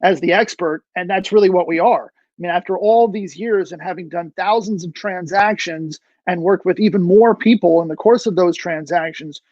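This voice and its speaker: A man's voice: high-pitched, moderate pace, few pauses, darkish tone, no echo, dull audio. A man hosting an interview show, easygoing and loose, with many fillers as he asks his guest questions. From New York. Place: video call.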